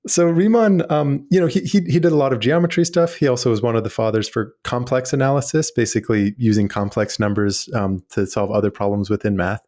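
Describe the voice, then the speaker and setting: A man's voice: mid-range voice, fairly quick, hardly any pauses, a little mellow. A man, a guest mathematician, explaining ideas eagerly in casual chat with frequent fillers.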